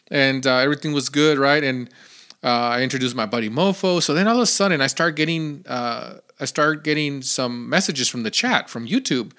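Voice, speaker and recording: A man hosting his own podcast, telling a rambling story in a casual, animated way with lots of fillers. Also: a little high, fairly quick, clear, resonant tone. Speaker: podcast host.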